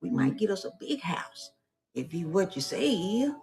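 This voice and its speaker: A woman acting in a comedy skit as an excitable friend who exclaims in folksy dialect. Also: fairly low pitch, normal speed, soft background music. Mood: hopeful.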